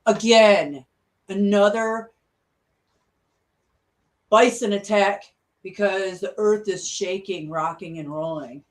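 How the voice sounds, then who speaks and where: A woman vlogger in a furious, profane rant. She swears in nearly every phrase and hammers the same points again and again, with a voice at an ordinary middle pitch. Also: fairly even intonation, slow pace, pauses often. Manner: furious, swearing constantly, repetitive. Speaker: conspiracy vlogger.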